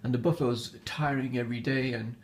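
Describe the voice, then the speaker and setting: Amused by his own telling, a man casually recounts an old folk tale, stumbling, restarting, and frequently pausing on fillers. His plain, mid-pitched voice is steady and darkish, with a faint hiss or hum in the background.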